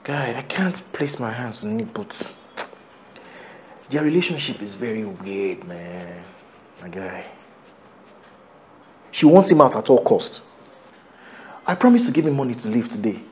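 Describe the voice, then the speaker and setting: A man's voice: medium pitch, big pitch swings, measured pace, pauses often, a little hiss or hum. An actor with a Nigerian accent playing a worried husband who confides his unease about his wife to a friend. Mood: uneasy.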